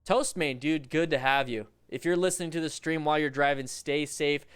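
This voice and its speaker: A man coaching motorcycle riders over a livestream, commenting on riding videos in an animated, joking, rambling way with restarts. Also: on the high side, fairly quick, clean tone, soft background music.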